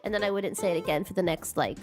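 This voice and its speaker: A woman's voice: fairly low pitch, fast talker, over music. A young woman streaming a casual question-and-answer chat, who giggles often and keeps saying "question mark" as a filler. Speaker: VTuber streamer.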